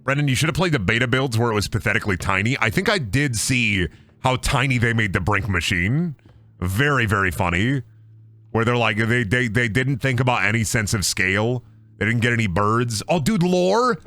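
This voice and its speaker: A man's voice: mid-range voice, a little fast, sharp tone, no room sound. A man streaming a game, chatting casually with jokes, swearing and silly sing-song voices. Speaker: gaming streamer. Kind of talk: casual live-stream chat over gameplay.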